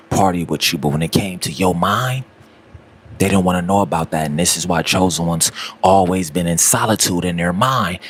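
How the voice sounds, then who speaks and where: A man's voice: low voice, a little hiss or hum. A man, giving a repetitive, preachy motivational talk aimed straight at the listener. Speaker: motivational speaker.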